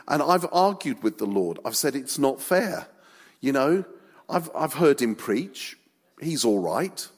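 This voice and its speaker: A man preaching a humorous sermon, telling stories against himself and building up to emphatic calls to obey. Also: on the high side. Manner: storytelling, self-mocking, building to emphatic exhortation. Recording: echoey hall recording.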